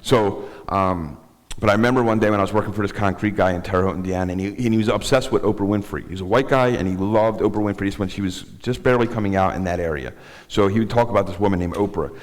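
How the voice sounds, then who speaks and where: Deep-voiced middle-aged man telling his story from the bimah, candid and self-mocking, with a long sanctuary echo. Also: fast. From South Philadelphia. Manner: candid, rambling storyteller with self-deprecating humor. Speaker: guest speaker. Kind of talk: personal testimony talk. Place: synagogue sanctuary.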